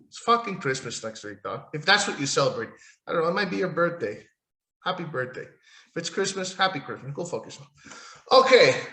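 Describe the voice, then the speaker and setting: A man's voice: on the high side, pushed and bright, echoey room. A man hosting a solo wrestling podcast, ranting in a profane, sarcastic, rambling way while losing his voice. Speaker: podcast host.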